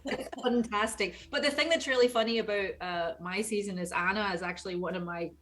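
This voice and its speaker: A woman's voice: medium pitch, a little fast, a bit bright, slight background noise. Chatty woman voice actor. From United States. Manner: chatty, rambling, slips into quoted voices. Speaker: game voice actor. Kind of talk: casual video chat.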